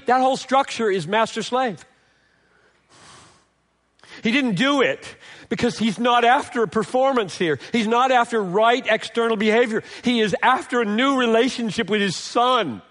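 A middle-aged male pastor preaching a sermon, swinging from emphatic lines to hushed, tender ones. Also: very high-pitched, normal speed.

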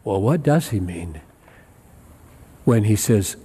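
A man's voice: fairly low pitch, lively intonation, takes it slowly, mellow, breathy edge. A man preaching a sermon, emphatic, repeating key phrases and quoting scripture. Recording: long reverb of a large hall.

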